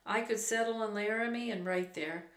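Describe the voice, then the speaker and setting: A woman's voice: medium pitch, normal speed, close to an everyday voice. Slim, a woman reading as a folksy cowboy. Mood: easygoing. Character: folksy adult male cowboy horse herder. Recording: roomy echo.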